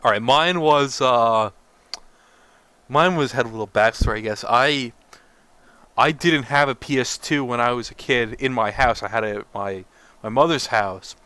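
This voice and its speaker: Young guy cohosting a gaming podcast, bright crisp voice, rambly and relaxed. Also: mid-range voice, moderate pace, dry recording. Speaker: podcast co-host. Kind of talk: casual gaming chat.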